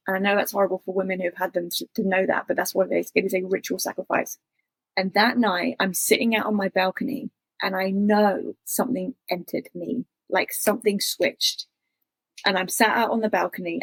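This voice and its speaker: A woman's voice: medium pitch, vocal fry, husky, dry recording. A woman, an interview guest telling a personal story in an intense, confessional way with many fillers.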